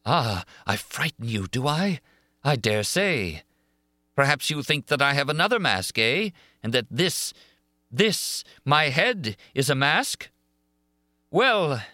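A man doing a tormented, disfigured man who rises well above his own voice, loud and bright. He swings between grand roaring boasts and desperate pleading in a storybook reading. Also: medium pitch, big pitch swings, slow, no echo, studio quality, voice pushed up, exaggerated voice. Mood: taunting. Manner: roaring, then sobbing and pleading. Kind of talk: audiobook character reading.

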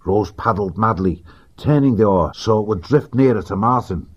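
A man narrating an animal adventure audiobook in a steady, vivid reading. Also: fairly low pitch, normal speed, breathy edge. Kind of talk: scripted storybook narration. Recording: dull lo-fi recording.

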